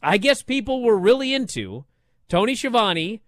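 An argumentative male radio host rants about a show, his pitch leaping high and swinging wide. The studio sound is dry and close, with no room around him. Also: moderate pace, no room sound. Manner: excitable, argumentative, mimics people in quotes. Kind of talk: animated sports talk radio banter.

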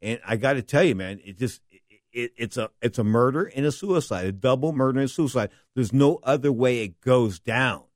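Middle-aged male host, casual rambling storyteller, mid-pitched voice, dry close sound. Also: moderate pace, no echo. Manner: rambling, animated, stops to correct names. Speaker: wrestling history podcast host.

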